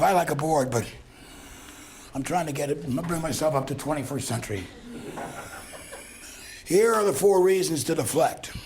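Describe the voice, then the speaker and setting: Chuckling man giving a lively lecture. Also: on the high side, slight background noise. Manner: storytelling, acts out dialogue, chuckles often. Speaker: lecturer on conflict talk.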